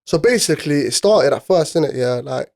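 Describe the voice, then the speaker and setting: Young man, quick delivery, slightly high voice, lively storyteller, slangy chat. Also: vocal fry. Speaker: podcast guest. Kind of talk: casual chat.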